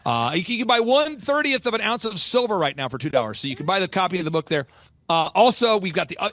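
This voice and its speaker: A man hosting a business coaching podcast, telling stories in an animated, emphatic way. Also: fairly high pitch, dry recording. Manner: animated storytelling, quick and emphatic. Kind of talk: energetic casual podcast talk.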